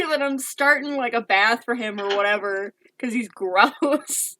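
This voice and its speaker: Casting: bright, high-voiced young woman, giggly and animated, casual podcast co-host. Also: measured pace, hardly any pauses. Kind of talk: casual chat, storytelling.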